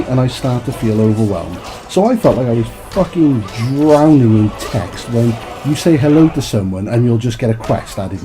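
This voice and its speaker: Guy ranting about a game, swears a lot, fed up, dark mellow voice, soft music behind. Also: medium pitch. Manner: profane, exasperated ranting. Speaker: gaming commentator.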